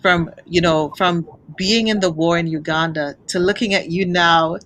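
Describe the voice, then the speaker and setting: Lower-voiced emotional talk-show hostess. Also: female voice, steady tone, moderate pace, slight background noise, low-quality recording. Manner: warm, emotional, effusive. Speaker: host. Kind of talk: interview chat.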